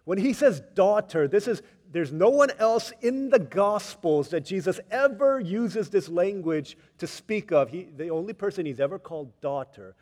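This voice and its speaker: A man preaching a sermon, telling stories with voices, swinging from hushed tender passages to loud emphatic ones. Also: a little high, long reverb tail. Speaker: pastor.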